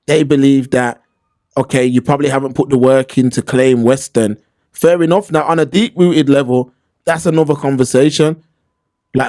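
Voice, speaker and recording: A man's voice: medium pitch, moderate pace, darkish tone, dry recording, clean studio sound. A man co-hosting a casual talk show, telling stories animatedly and acting out the voices he quotes. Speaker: podcast co-host. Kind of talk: casual discussion.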